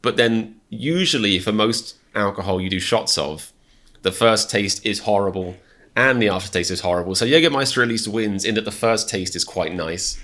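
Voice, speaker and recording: A man's voice: lowish voice, normal speed, fairly bright tone. A British man hosting a reaction video, rambling through self-mocking rants with many restarts. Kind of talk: casual reaction commentary.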